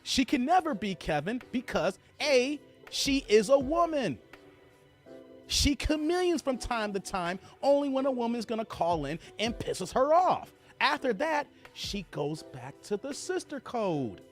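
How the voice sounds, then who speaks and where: A man's voice: very high-pitched, sing-song, normal speed, few pauses, soft background music. A man hosting a livestream, reacting to clips with heated, swearing commentary and reading out viewer comments.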